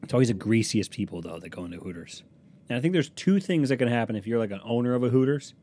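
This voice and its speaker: A man's voice: medium pitch, expressive, fast, dark tone. A young man hosting his own podcast alone at a desk microphone, telling crude, rambling, self-mocking stories. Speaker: podcast host. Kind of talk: solo comedic podcast monologue. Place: small room at a desk, recording alone.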